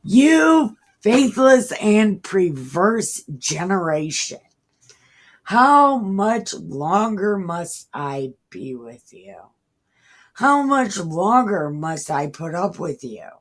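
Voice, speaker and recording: A woman voicing a stern, exasperated man who scolds his followers in a slow, drawn-out way. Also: medium pitch, very animated, pitched above the performer's own voice, exaggerated voice.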